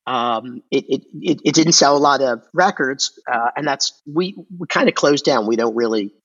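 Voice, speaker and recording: A man who owns a record store, talking casually and haltingly, with many restarts and fillers. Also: medium pitch, a bit bright, husky, muffled recording. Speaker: record store owner, podcast guest. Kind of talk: casual conversation.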